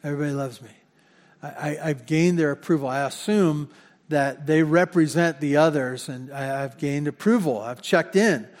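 A man's voice: a little high, normal speed. A man preaching a sermon as pastor in a church, talking in a conversational way and often repeating words as he corrects himself. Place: church sanctuary. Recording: long hall reverb.

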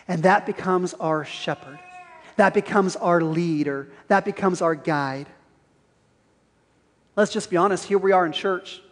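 A man preaching a sermon in a church, earnest and probing, asking the congregation pointed questions. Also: high voice. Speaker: pastor. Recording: reverberant church hall.

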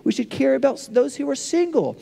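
A male pastor preaching a sermon, building to impassioned peaks and then falling to hushed, soft prayer. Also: very high voice, animated, a little fast, vocal fry, big-room sound. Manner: impassioned, rising to near shouts then dropping to hushed tones.

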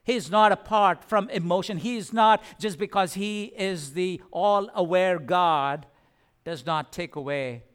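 Man preaching a sermon, high smooth voice. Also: fairly bright tone. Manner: earnest, repeats phrases for emphasis, stumbles at times. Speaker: pastor.

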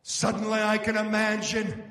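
High-voiced dramatic male preacher. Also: monotone, normal speed. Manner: dramatic, swings between hush and shouting. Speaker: pastor. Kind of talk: sermon. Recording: long reverb of a large hall.

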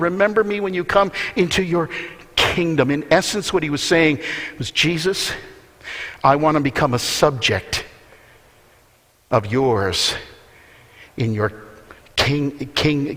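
Male preacher, emphatic and earnest, mid-high voice, church hall echo. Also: a bit bright. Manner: earnest, emphatic, repeats words for stress. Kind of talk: sermon. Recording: long hall reverb.

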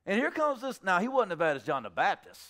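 A man preaching an animated, joking sermon in colloquial talk, acting out the scripture scenes. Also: high-pitched, fast talker. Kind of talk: sermon with comic retelling.

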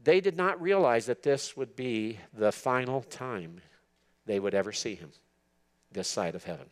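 A man's voice: medium pitch, expressive, measured pace. A man giving an expository sermon to church leaders, earnest and emphatic, repeating words for stress. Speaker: preacher teaching church leaders.

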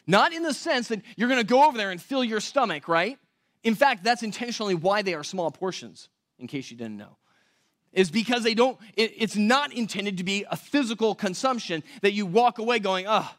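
A man's voice: sits high, lively intonation, fairly quick, fairly bright tone. A man preaching a sermon as pastor in a church, talking conversationally, asking rhetorical questions and correcting himself aloud.

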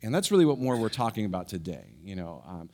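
A middle-aged man pastor giving a sermon, telling a personal story in an animated way with many restarts and fillers. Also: fairly low pitch, fast.

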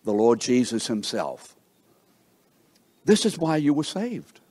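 A middle-aged man preaching a sermon, slow and emphatic, asking the congregation rhetorical questions. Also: sing-song, a little mellow, breathy edge. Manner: slow, emphatic preaching with wide swings in pitch and volume.

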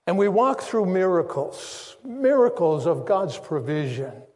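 A man's voice: fairly high pitch, darkish tone. An older man preaching a sermon, telling his story in an earnest way and repeating phrases for weight. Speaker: pastor. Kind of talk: sermon testimony. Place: church sanctuary. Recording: long reverb of a church hall.

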